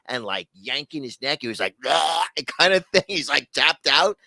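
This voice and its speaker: A man co-hosting a podcast in casual chat, telling stories and acting out quotes in a loud voice. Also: mid-range voice, normal speed, no echo, clean studio sound. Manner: animated storyteller, acts out quotes in loud voices. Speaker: podcast co-host.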